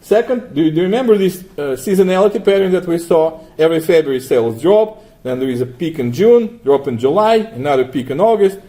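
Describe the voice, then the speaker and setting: A man teaching a class, walking through software steps and asking students questions, often adding 'right?'. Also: on the high side, animated, brisk, hardly any pauses. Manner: asks the class frequent questions, tags 'right?'. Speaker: lecturer. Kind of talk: classroom lecture with software demo.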